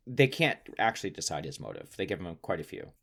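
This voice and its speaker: A man with a fairly low voice talks through a movie on a podcast in a loose, chatty way. He rambles, laughs often and lets his sentences trail off quietly. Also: wildly swooping pitch, fast talker, vocal fry, breathy edge. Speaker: podcast co-host. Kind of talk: casual movie recap chat.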